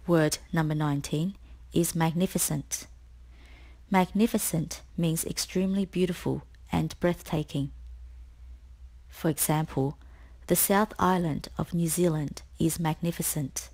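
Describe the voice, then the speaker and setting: A woman tutor reading a scripted spelling lesson, explaining each word slowly and clearly. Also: low voice, fairly even intonation, darkish tone. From Australia. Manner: slow, clear, deliberate explanations.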